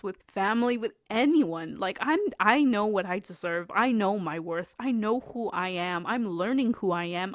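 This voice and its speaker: A woman's voice: medium pitch, no echo, studio quality. A young woman in her twenties hosting her own podcast, chatting alone in a rambling, upbeat way that often breaks into laughter. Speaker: podcast host. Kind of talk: casual solo chat.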